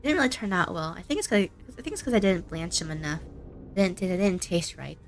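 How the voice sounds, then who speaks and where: A woman's voice: on the low side, big pitch swings, fast talker. A woman VTuber in casual gameplay commentary, chatty and thinking aloud as she plays, laughing often. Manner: reads game dialogue aloud. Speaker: VTuber streamer.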